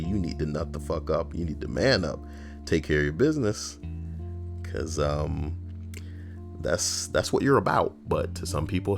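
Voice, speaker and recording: A man streaming, reading stories aloud and breaking off into blunt, profane commentary. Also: a bass voice.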